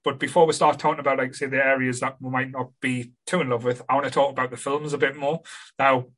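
A man hosting a relaxed podcast chat in a bright, forward voice. He hesitates often, restarting sentences and leaning on filler words as he works out his points. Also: medium pitch, quick pace. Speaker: podcast host. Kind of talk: casual chat.

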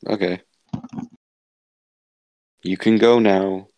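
A young man with a lowish voice who talks slowly and loosely. He teases the others and rambles through stories while laughing often. His voice sounds close and dry. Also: fairly even intonation, a little mellow, dry recording. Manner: giggly, rambling, teasing. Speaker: podcast co-host. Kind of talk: casual podcast chat.

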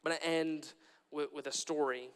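A man's voice: fairly high pitch, steady tone, moderate pace, fairly bright tone, smooth, long reverb tail. A young man preaching a sermon in a church, earnest and repetitive, often restarting his phrases.

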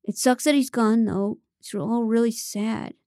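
A defensive, evasive young man on a reality show, voiced by a woman narrating an audiobook. He backpedals and stammers when pressed. The voice is mellow and sits close and dry. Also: fairly high pitch, fairly even intonation, measured pace, dry recording.

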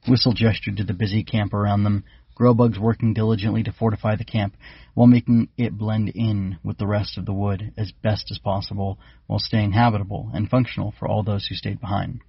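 A man's voice: lowish voice, a little fast, gravelly, husky, no room sound, muffled recording. Een man die een verhaal voorleest met een lage, krakerige stem en een wat hese klank. Hij leest rustig en gelijkmatig voor. De opname klinkt dof en droog, zonder galm. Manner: steady, plain reading. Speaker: author and audiobook narrator. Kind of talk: scripted storybook narration.

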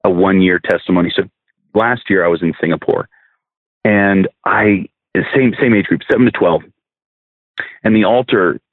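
A man's voice: low-pitched, moderate pace, pauses often, no echo. A man, a minister, earnestly telling a testimony as a podcast guest, often restarting and repeating words. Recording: dry, phone-like narrow sound.

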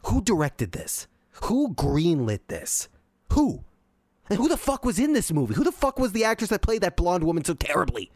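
A man's voice: high-pitched, huge pitch swings, moderate pace, a little mellow, dry recording, studio quality. A man hosting a podcast, ranting and swearing in exasperation as he reacts to a movie into a desk microphone. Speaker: podcast host. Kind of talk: profane movie-reaction rant.

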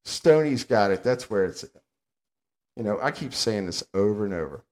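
A man's voice: fairly low pitch, lively intonation, normal speed, a little mellow. An older man, co-hosting a casual podcast and ranting bluntly and sarcastically. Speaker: podcast co-host.

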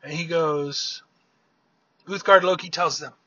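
A man's voice: fairly high pitch, steady tone, unhurried, pushed and bright, husky, no echo, lo-fi sound. A man casually retelling an old myth in a chatty way, often restarting words as he talks. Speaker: storyteller.

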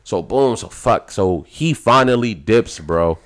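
A man telling a story in casual chat, profane and animated, his voice jumping higher for emphasis. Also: a little slow.

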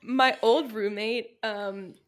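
A woman's voice: on the high side, fairly even intonation, slow. A woman from the United States co-hosting a casual chat podcast, telling rambling stories and laughing often. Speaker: podcast co-host.

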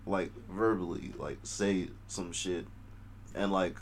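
A man's voice: low-pitched, slow, over a noisy crowd. A man chatting casually with friends, hesitant and full of fillers, swearing now and then. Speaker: friend in a group chat.

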